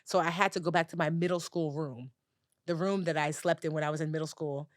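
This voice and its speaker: A woman in her forties telling a personal story as a guest in an interview, animated and acting out other people's voices. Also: sits low, a little fast, dry recording, studio quality. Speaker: guest, personal finance educator.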